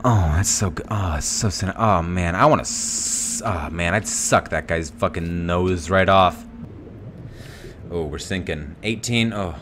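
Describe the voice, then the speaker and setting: A man's voice: deep voice, measured pace, a bit bright, slight background noise. A young man giving live gameplay commentary as a streamer, jumpy and swearing, with sudden yelps and squeals. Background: game music.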